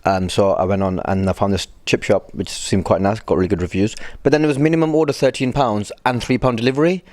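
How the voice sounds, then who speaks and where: A man's voice: on the low side, steady tone, fast, darkish tone, no room sound. A man from northern England, a comedian chatting casually as a guest, wry and self-deprecating. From Blackburn, northern England. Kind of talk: casual chat.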